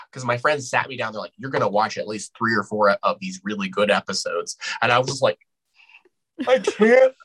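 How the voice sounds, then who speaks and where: A man talks as a podcast guest in a husky voice with a tense, bright edge. He stops and restarts often and fills gaps with "like" and "um." When he quotes himself, his voice leaps up high. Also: rough recording. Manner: hesitant, many fillers and restarts, voice jumps high when quoting himself. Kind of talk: casual podcast chat.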